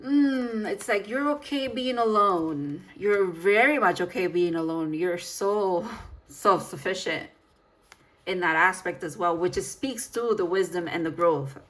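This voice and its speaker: A woman's voice: on the low side, a little slow, fairly bright tone. A woman giving a casual tarot reading, chatty and emphatic, laughing and sighing as she talks. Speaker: tarot reader.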